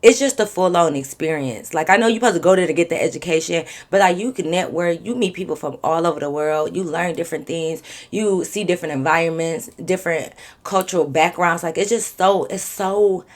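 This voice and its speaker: A young woman vlogger telling a storytime story in an animated, slangy way full of profanity. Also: fairly low pitch, a little fast. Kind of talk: storytime vlog.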